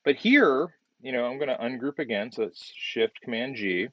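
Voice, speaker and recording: A male design instructor giving relaxed feedback on a student's project while demonstrating on screen, often repeating words as he works. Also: mid-range voice, normal speed, no room sound, dull audio.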